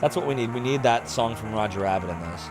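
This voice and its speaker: A man's voice: on the low side, fast talker. A man streaming a retro game, joking, swearing and humming tunes as he plays, with game music behind. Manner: goofy and profane, hums and sings tunes. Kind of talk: casual live-stream commentary.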